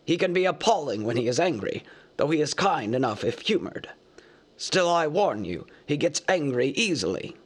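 A man reading a storybook aloud, voicing Gandalf, an old male wizard who lectures in a measured, easily cross way. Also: a little high, sing-song, husky, voice pushed up. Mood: lecturing.

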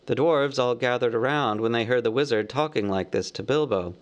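A man narrating a storybook aloud in a steady storytelling manner. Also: medium pitch, brisk, dull audio. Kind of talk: audiobook narration.

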